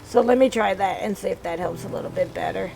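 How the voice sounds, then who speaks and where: Soft-spoken, giggly streamer woman. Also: mid-range voice, fast talker, gravelly, a little hiss or hum, rough recording. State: voice a bit rough. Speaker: game streamer. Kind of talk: casual live-stream commentary. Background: game music.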